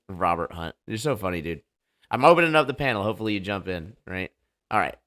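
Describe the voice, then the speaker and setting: A man's voice: on the low side, expressive, brisk, a bit bright. A man hosting a casual livestream debate show, talking loosely and joking as he sets things up. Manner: loose, joking, hype-style banter.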